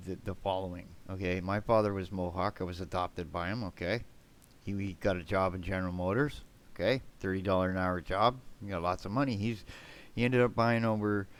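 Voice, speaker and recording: A man's voice: low voice, smooth. A man streaming a game live, rambling bluntly to his chat, swearing and tagging his remarks with "man" and "right?". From Canada.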